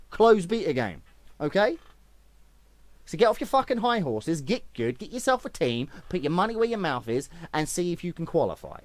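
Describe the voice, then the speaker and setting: Blunt, animated man ranting about gaming. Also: on the high side, no room sound. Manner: blunt, profane, emphatic ranting. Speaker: gaming video host. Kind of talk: casual esports commentary and rant.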